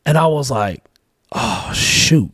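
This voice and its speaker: This podcast guest, a father, takes his time, speaking in an animated, mid-range voice that's a bit bright and slightly rough. In a casual, heartfelt conversation he tells candid fatherhood stories, filled with "like" and quotes he acts out. The studio-quality recording has no echo.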